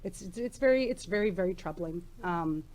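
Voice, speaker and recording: A woman in her forties, her voice lowish and darkish, talks animated and fairly quick as she presents research at a conference. The delivery is chatty and loose, with lots of ums and restarts, through a handheld microphone in a conference room.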